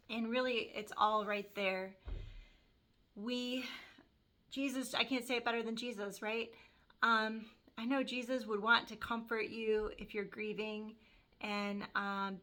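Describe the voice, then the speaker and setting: A woman giving an earnest, reflective faith testimony, pausing often with fillers as she speaks. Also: fairly high pitch, steady tone, pushed and bright. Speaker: Christian vlogger sharing a testimony. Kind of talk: personal faith testimony and scripture reading.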